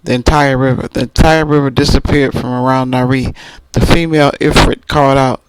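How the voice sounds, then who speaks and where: A man's voice: mid-range voice, steady tone, brisk, heavy background noise. A man reviewing a book, casually retelling its plot in detail and often restarting his phrases.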